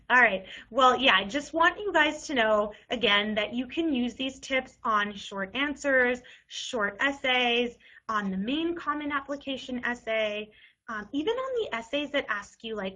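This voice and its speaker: A young woman gives casual advice about college essays in a bright, slightly high voice. She talks in a loose, chatty way, full of "like" and restarts, the way she would talk to students in an online session. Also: animated, a little slow, poor audio. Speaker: college admissions essay advisor.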